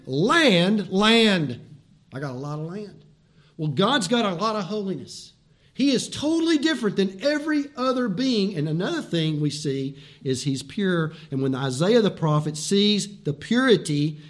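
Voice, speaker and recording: A man preaching a sermon as pastor, swinging from loud, emphatic repeated words to hushed, folksy asides and direct questions to the listeners. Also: fairly high pitch.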